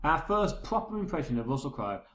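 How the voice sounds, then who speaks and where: A man's voice: on the high side, sing-song, fairly quick, fairly bright tone, reverberant. A man chatting casually about films as a podcast co-host, rambling and correcting himself often. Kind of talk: casual film chat.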